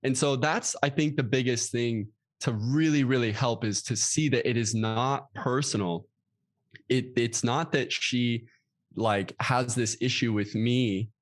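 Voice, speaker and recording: A man's voice: mid-range voice, fairly even intonation, measured pace. A man talking as a podcast guest in a casual interview, earnest and reflective, now and then acting out his own inner voice with sudden exclamations. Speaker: podcast guest, yoga teacher.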